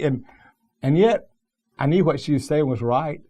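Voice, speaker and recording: Middle-aged pastor, man, folksy sermon storyteller, voice sits a bit high, emphatic and plain-spoken. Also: sing-song, brisk, dark tone.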